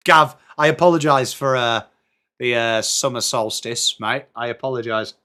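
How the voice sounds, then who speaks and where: A man's voice: medium pitch, normal speed, bright, forceful tone, clear, resonant tone. A man with an English accent hosting a casual live sports watchalong stream, chatting and greeting viewers by name. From England.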